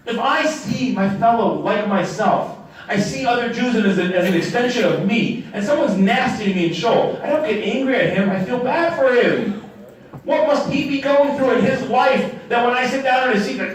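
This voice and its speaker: A man giving a sermon as a rabbi, telling stories and acting out the people in them with lively swings in voice. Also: high-pitched, fairly quick. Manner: animated storytelling, acting out quoted characters. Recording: echoey room from a distant mic.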